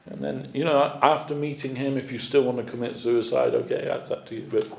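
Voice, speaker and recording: A man's voice: mid-range voice, fairly even intonation, fairly quick, vocal fry, darkish tone, reverberant. A man giving a storytelling sermon as a spiritual teacher, conversational with many fillers. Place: temple hall.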